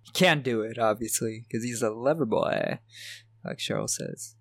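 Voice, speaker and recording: This podcast co-host casually walks through a horror film's plot moment by moment, frequently breaking into laughter. His mid-range voice moves at normal speed, and the clean studio sound has no echo.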